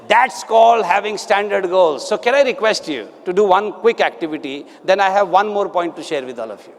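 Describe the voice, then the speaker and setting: A man giving a live motivational seminar, energetically rallying the audience with questions and calls. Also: very high voice. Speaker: motivational speaker. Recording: long hall reverb.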